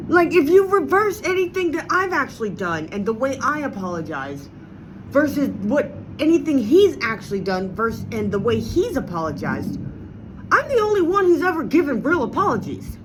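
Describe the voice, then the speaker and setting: Very animated and speaking at normal speed over a noisy background, a woman vlogger rants to her viewers. Her monologue is heated, profane and emphatic, with sudden pitch swings.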